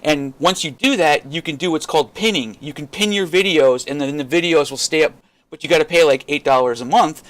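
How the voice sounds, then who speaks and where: A frustrated man vents in an unscripted vlog rant, his voice pitched somewhat high. He swears constantly and rambles, restarting sentences as he goes. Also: fairly quick, fairly bright tone. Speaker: crypto vlogger.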